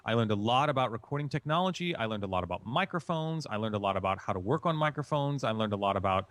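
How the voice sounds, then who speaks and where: Lively, dry-voiced man explaining voice acting. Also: medium pitch, fast talker, no room sound. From Chicago. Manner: emphatic, explanatory, repeats key phrases. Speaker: voice-acting guest. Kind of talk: instructive interview answers.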